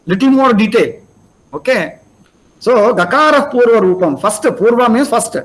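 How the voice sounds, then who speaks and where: A man's voice: very high-pitched, expressive, moderate pace, poor audio. An older man with an Indian English accent giving a spiritual lecture, explaining step by step and asking rhetorical questions. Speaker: lecturer on scripture.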